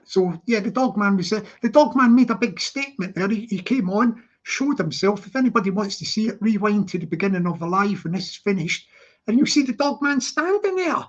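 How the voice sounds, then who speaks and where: A man's voice: high-pitched, expressive, a little fast. A man hosting a casual live stream who rambles, repeats himself and laughs often. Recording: dull lo-fi stream audio.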